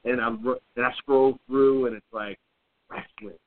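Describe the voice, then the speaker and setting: A man co-hosting a podcast, telling a story in casual chat with blunt, profane, animated delivery. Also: medium pitch, unhurried. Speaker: podcast co-host. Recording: tinny phone-like audio.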